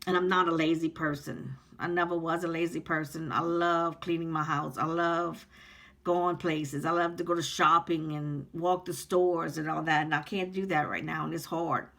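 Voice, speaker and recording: A woman's voice: sits low, little pitch movement, moderate pace, creaky, a bit bright. Earnest woman in her fifties. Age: 50s. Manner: earnest, heartfelt, rambling with many ums. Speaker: vlogger. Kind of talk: personal vlog talking to camera.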